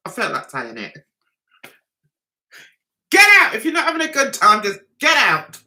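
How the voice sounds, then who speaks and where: A woman's voice: medium pitch, wildly swooping pitch, a little fast, bright, forceful tone. A middle-aged woman hosting a casual livestream, chatty and self-mocking, laughing often as she greets viewers. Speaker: livestream host reading viewer chat.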